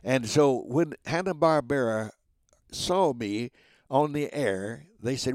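A man's voice: medium pitch, lively intonation, unhurried, dry recording, clean studio sound. A man in his nineties, a voice actor and guest, chatting in a folksy, jokey way. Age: 90s. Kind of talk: casual interview chat.

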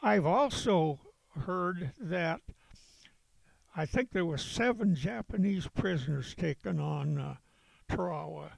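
An older man, a veteran, recalling events in a halting storytelling way with chuckles. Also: high-pitched, expressive, vocal fry, no room sound, poor audio. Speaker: veteran interviewee. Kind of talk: oral history recollection.

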